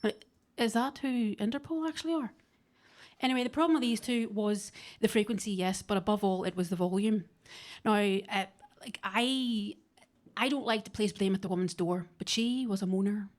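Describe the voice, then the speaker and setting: A woman performing stand-up comedy in a basement club, delivering dry, deadpan one-liners. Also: medium pitch.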